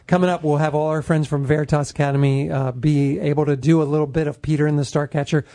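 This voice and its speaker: Chatty radio host with mellow tone. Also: medium pitch, fairly even intonation. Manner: upbeat, chatty, quick with short reactions. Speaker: radio morning show host. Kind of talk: casual on-air interview. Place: radio studio.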